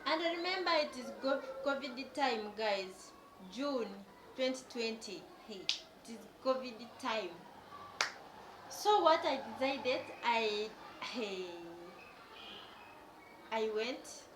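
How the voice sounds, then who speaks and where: A young woman, earnestly telling a personal story to her viewers in halting phrases. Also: on the high side. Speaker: vlogger. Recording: echoey room with background noise.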